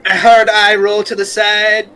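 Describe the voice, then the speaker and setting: A man's voice: high voice, completely flat delivery, unhurried, pushed and bright, a little hiss or hum, poor audio. A man playing a tabletop role-playing game over a voice call, playful and jokey, laughing easily. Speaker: player. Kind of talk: casual tabletop game chat.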